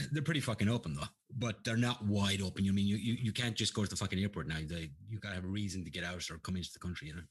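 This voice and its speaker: A man, telling stories at length and swearing freely. His voice sits low and sounds husky and a little breathy. He talks like he is chatting with friends. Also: fast talker, fairly bright tone. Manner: profane, ranting storyteller. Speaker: guest. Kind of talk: casual chat.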